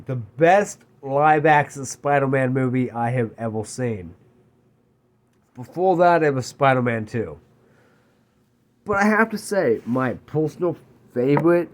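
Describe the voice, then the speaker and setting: A man ranting casually about a favorite film, his voice swooping up and down with a lot of life in it. He takes his time, drawing out words rather than rushing, and swears freely along the way. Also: mid-range voice. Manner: excitable, swears freely, laughs mid-sentence. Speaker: movie reviewer. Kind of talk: casual spoiler-filled movie rant.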